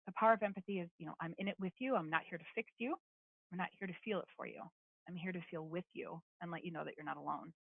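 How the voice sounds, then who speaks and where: A woman gives a webinar talk in an earnest, steady way, her voice dipping into a gravelly fry. The sound is thin and phone-like, and dry with no room around it. She fills her pauses with plenty of ums. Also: fairly low pitch, no echo. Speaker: brain injury behavior specialist presenting a webinar. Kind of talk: webinar presentation. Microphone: webinar call audio.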